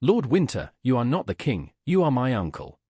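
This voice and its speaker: A cold, ruthless young cavalier bent on revenge, as a male narrator reads him in an audiobook. His voice is harsh and husky. The sound is dry and close. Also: mid-range voice, wildly swooping pitch, normal speed, dark tone, no room sound. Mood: vengeful.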